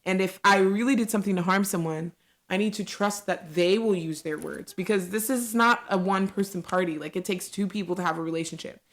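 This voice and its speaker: A woman in her thirties hosting a solo podcast, talking candidly and reflectively, with lots of "like" fillers. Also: mid-range voice. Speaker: podcast host.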